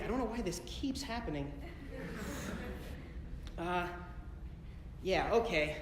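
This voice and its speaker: A man's voice: sits high, expressive, slow, long pauses, background noise. A man doing a stand-up comedy set before a live audience, telling a rambling story and correcting himself as he goes. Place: concert hall, live audience. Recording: echoey concert hall recording, long reverb.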